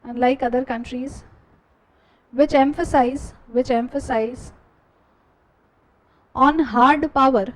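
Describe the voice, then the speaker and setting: A woman teacher with an Indian English accent, slowly dictating class notes and repeating each phrase for students to write down. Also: sits high, fairly even intonation, rough recording.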